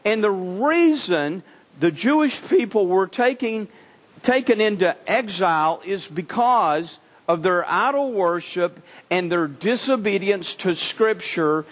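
A man preaching a sermon, telling a scripture story in an animated way and often repeating words as he restarts. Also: high voice, slow. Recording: long reverb from a hall.

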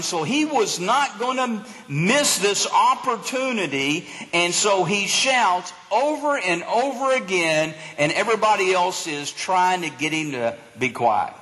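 A man preaches in an unhurried, lively way, his voice set high and swinging widely in pitch. He acts out the crowd's voices as he goes. The sound carries a long reverb from the hall. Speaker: pastor. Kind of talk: sermon.

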